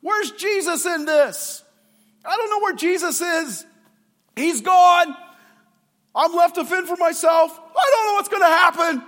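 A man putting on the frantic, yelling voice of a disciple who fears he is left alone in a storm. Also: very high voice, a little slow, in a large hall, pitched above the performer's own voice. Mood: panicked. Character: panicked male disciple screaming in a storm.

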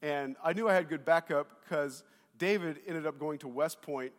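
A man preaching a sermon to his congregation on a lapel mic, telling stories in an animated way and speaking straight to the people in front of him. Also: a little high, moderate pace. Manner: animated storytelling, addresses the congregation directly. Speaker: pastor. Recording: long reverb of a big hall.

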